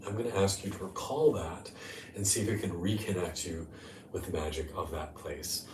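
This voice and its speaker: A man hosting a live-streamed guided meditation talk, speaking in a gentle, unhurried way from a hotel room. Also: low voice, echoey room, far from the mic, slight background noise. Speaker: life coach and meditation host.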